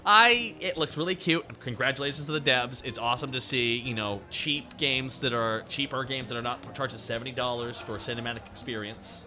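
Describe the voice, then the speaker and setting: A man hosting a stream, chatting casually in an animated, jokey, rambling way. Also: medium pitch, fairly quick, hardly any pauses. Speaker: streamer host.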